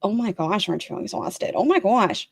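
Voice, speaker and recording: A woman giving blunt, crude, sarcastic commentary on a livestream she is watching, breaking into high mocking voices. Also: animated, moderate pace, vocal fry, slightly rough. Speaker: commentary streamer reacting to a livestream. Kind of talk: casual reaction commentary.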